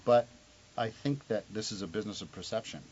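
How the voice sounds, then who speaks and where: A man's voice: lowish voice, lively intonation, fairly quick, a little mellow. A middle-aged man, a television director, speaking in a casual interview in an earnest, reflective way, often restarting and repeating words. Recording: dull lo-fi sound with faint hiss.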